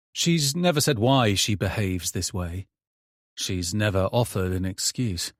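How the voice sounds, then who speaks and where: Man reading a thriller audiobook, slow and low, tired bitter tone, dead dry room. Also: no echo. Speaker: audiobook narrator. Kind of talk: first-person audiobook narration.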